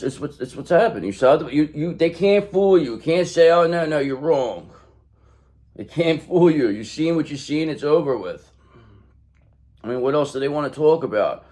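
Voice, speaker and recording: A man's voice: mid-range voice, a little mellow. A man hosting a casual tarot reading, rambling and repeating himself as he talks effusively to his viewers. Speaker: tarot reader and channel host.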